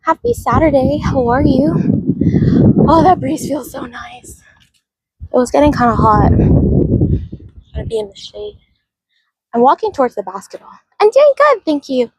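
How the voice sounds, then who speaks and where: A woman's voice: sits high, very animated, unhurried, long pauses, a little mellow, no echo, low-quality recording. A woman livestreaming as she walks through a park outdoors, chatting and greeting viewers by name, recorded on a handheld phone. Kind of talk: casual livestream chat.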